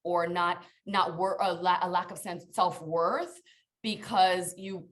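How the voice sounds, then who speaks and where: A woman's voice: fairly low pitch, fairly even intonation, takes it slowly, fairly bright tone. A woman guest on a podcast, a coach telling her own story in an earnest, emphatic way and speaking straight to the listeners. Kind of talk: podcast interview, personal storytelling.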